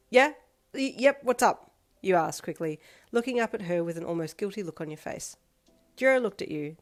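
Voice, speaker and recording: A woman reading a second-person fanfiction story aloud in a steady, even manner. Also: lowish voice. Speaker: fanfiction reader. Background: faint backing music.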